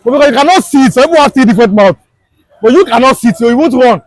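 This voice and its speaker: Nigerian man, Yoruba accent, very high voice, emphatic preachy street commentator, dry close sound. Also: lively intonation, rapid-fire, no room sound, rough recording. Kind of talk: impassioned political commentary. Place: outdoors on a Lagos street.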